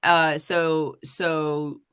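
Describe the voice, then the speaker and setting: A woman's voice: deep voice, level tone, very slow, a bit bright, smooth. A woman hosting a live-streamed talk show, talking in a heated, swearing rant before turning to her guest. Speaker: podcast host.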